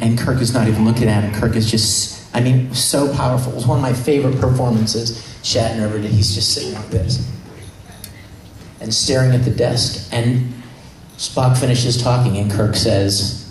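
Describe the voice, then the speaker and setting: Animated man retelling a story in a hall. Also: medium pitch, moderate pace, recorded from a distance. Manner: animated, emotional retelling with many restarts. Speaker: convention panel guest. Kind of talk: enthusiastic storytelling. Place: convention panel room. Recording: echoey hall, faint noise.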